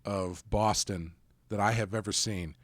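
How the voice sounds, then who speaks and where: A man co-hosting a podcast, chatting casually in a rambling, relaxed way and often correcting himself mid-sentence. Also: on the low side, a little slow, no echo. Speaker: podcast co-host. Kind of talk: casual chat.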